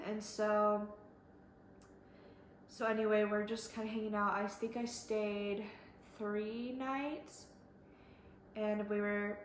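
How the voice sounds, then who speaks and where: A woman's voice: medium pitch, a little hiss or hum. A young woman telling her own story in a casual, chatty way, full of likes and ums and quoting what others said. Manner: chatty, fillers, quotes others. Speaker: vlogger. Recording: echoey room with faint ambience.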